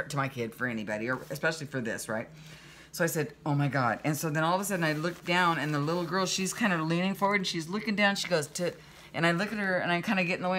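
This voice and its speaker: A woman's voice: sits low, a little hiss or hum. A woman vlogger casually telling a story to her viewers, chatty and indignant, acting out quoted lines. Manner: chatty, animated retelling with quoted dialogue; exasperated, indignant.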